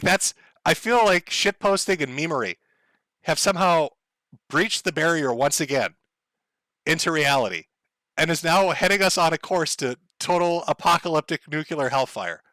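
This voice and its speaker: A man's voice: fairly high pitch, sharp tone, no echo. A man ranting casually to his live chat, rambling and profane, laughing as he goes. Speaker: streamer.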